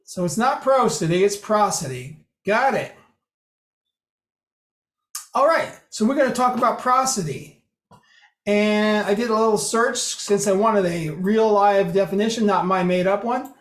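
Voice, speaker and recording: Relaxed presenter on a roomy video call. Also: medium pitch, unhurried, long pauses. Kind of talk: online group lecture. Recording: roomy echo.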